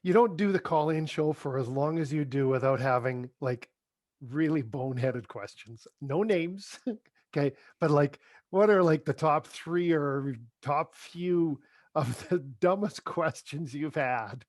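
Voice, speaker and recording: A man's voice: on the high side, measured pace, no echo, studio quality. A man hosting a casual podcast interview, joking and laughing as he asks questions. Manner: jokey, laughs often while asking questions. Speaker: podcast host.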